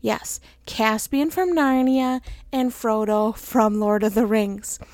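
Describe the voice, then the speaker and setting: A woman's voice: a little high, fairly even intonation, slow pace, darkish tone, no room sound. A middle-aged woman hosting her own podcast, chatting casually and laughing often into a close mic. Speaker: podcast host. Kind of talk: casual solo podcast chat.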